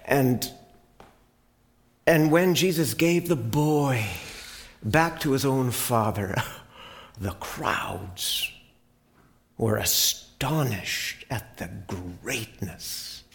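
Slow theatrical male storyteller. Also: mid-range voice, creaky. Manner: theatrical, dropping to whispers. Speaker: preacher. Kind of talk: dramatic Bible storytelling.

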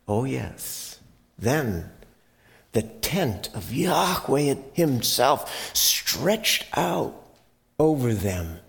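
A man's voice: mid-range voice, creaky. A man preacher retelling a Bible story dramatically, sometimes dropping to a whisper.

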